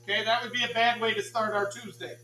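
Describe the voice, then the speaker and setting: High, bright-voiced joking male teacher. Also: little pitch movement, fast, slight background noise. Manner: joking, repeats "all right", calls the class "ladies and gentlemen". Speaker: chemistry teacher. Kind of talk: classroom demonstration. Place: school classroom. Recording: echoey classroom from far off.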